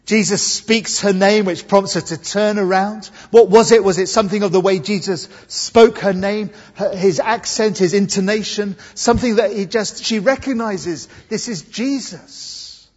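Husky, slightly high male preacher from England, earnest sermon delivery, dull recording with long church reverb. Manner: earnest, emphatic, slows for key words. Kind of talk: Easter sermon. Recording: dull muffled sound with long hall reverb.

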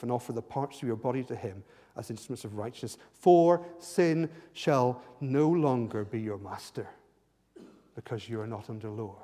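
A man preaching a sermon and leading prayer, impassioned, swinging from hushed tones to fervent outbursts. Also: medium pitch. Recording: long hall reverb.

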